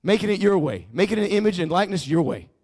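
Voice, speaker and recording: A man's voice: high-pitched, sing-song, fast, a little mellow. A man preaching a sermon emphatically as a pastor, often calling on the congregation to repeat phrases back. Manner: emphatic preaching with call-and-response prompts.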